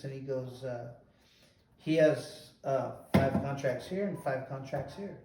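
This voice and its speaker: A man hosting a show and telling a long story in an animated, casual way, often repeating "he goes". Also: mid-range voice, a little slow, background noise. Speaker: host, former boxer. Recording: roomy echo, distant mic.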